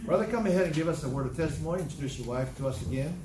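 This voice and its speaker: A man, a pastor, welcoming a visiting missionary in a hurried, informal way. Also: fairly high pitch, animated. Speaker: pastor hosting the service. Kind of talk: service announcement. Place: church hall. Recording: distant mic in echoey hall, ambient noise.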